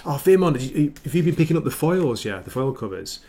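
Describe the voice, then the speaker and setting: A man's voice: a little high, sing-song, fast talker, mellow, husky. A man hosting a casual comic book livestream, chatty and enthusiastic, rambling through asides while reading viewer comments. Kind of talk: casual chat. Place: home livestream setup with ring light.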